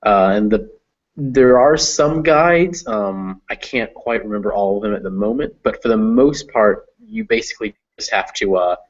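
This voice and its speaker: Patient, low-voiced male English tutor. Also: normal speed, muffled recording. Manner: patient, explanatory, many fillers. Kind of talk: one-on-one reading lesson.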